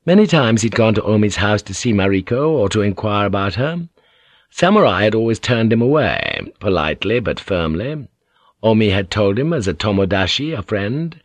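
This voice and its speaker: A man narrating an audiobook in a measured, even storytelling manner. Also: on the low side, dry recording.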